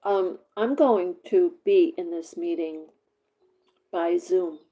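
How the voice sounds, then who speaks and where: Woman vlogging slow and mellow, lots of ums, a bit hoarse from a cold. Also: lowish voice, rough recording. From Vermont. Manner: rambling, halting, many fillers. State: voice going hoarse, sucking a cough drop. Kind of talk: casual talk to camera.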